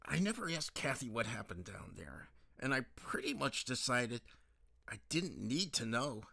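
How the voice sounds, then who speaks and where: A man's voice: medium pitch, sing-song, a little slow, creaky, sharp tone, no room sound, exaggerated voice. A man voicing a hesitant man confiding his curiosity to a friend. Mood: uneasy.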